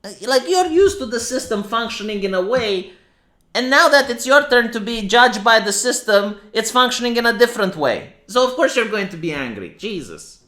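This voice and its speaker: A man's voice: extremely high pitch, big pitch swings, normal speed, pushed and bright. A man with a Romanian accent giving opinionated, sarcastic livestream commentary, often restarting his sentences. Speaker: streamer.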